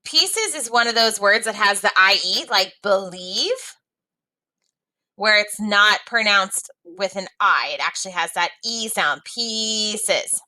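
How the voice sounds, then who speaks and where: Reading a story aloud to young pupils, a woman teacher speaks slowly, with a bright and forceful tone, jumping in pitch for the geese. She warmly calls the students friends during the lesson, captured on a rough recording.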